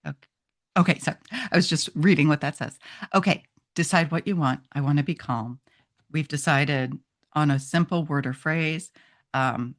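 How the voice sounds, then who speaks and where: A woman, a chiropractor, explaining self-hypnosis step by step in a gentle, conversational way, with frequent ums and restarts. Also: sits low. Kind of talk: instructional talk on self-hypnosis.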